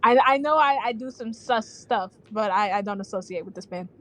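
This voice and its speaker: A woman's voice: mid-range voice, a little fast, a bit bright. A woman chatting and giggling as a player in a casual tabletop game session.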